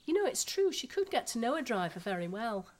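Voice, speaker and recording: A woman's voice: on the high side, very animated, brisk. Yorkshire housewife in her thirties, frank and chatty, played by a woman, radio drama. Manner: blunt, gossipy, down-to-earth.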